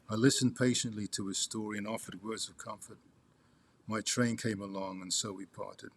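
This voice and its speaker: A man reading a memoir aloud to his father, halting with restarts and turning asides to the listener as "you". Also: lowish voice.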